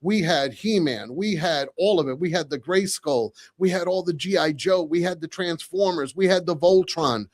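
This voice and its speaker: A man in his forties hosting a podcast live, chatting casually with viewers, reading comments and repeating phrases excitedly. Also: on the high side, moderate pace, hardly any pauses, dry recording. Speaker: podcast host.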